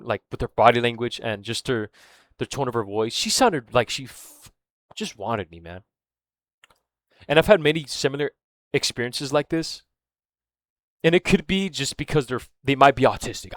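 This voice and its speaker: A man's voice: medium pitch, lively intonation, moderate pace, no room sound, studio quality. A man telling a story in a casual, rambling monologue, swearing often and losing his thread, with fillers like "right?" and "man". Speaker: vlogger.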